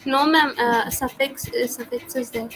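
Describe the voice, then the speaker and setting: Woman student, polite, hesitant, higher voice, flat pitch, video call. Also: measured pace, slight background noise, low-quality recording. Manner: soft, hesitant, polite answers with "ma'am".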